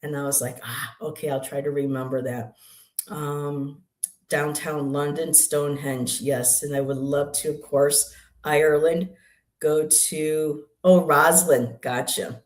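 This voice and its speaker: A livestream co-host and poet chatting casually, in a meandering, halting way with many asides. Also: mid-range voice, fairly even intonation. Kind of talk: casual spiritual chat. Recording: roomy echo.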